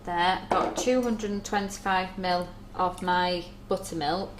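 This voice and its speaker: A woman's voice: fairly low pitch, fairly even intonation, measured pace, very noisy. A woman giving a live cooking demonstration, chatting step by step as she mixes ingredients in a kitchen. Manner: chatty step-by-step explaining while working. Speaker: baker demonstrating recipes. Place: shop's demo kitchen. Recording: echoey kitchen with clattering dishes.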